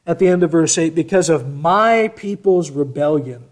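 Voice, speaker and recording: A man preaching a sermon, reading scripture aloud and explaining it with expressive shifts in loudness. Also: a little high, moderate pace.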